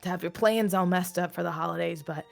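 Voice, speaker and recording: A man's voice: high-pitched, fairly even intonation, fast, creaky, soft background music. A woman doing a shy, stammering young man. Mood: reassuring. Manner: stammering, hesitant, overly polite. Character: friendly shy young man, eager helper.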